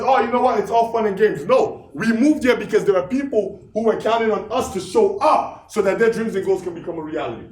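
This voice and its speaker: A man's voice: high voice, reverberant. A man leading an office meeting with a motivational speech, asking the crowd rhetorical questions and repeating phrases for emphasis. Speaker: office leader giving a motivational talk.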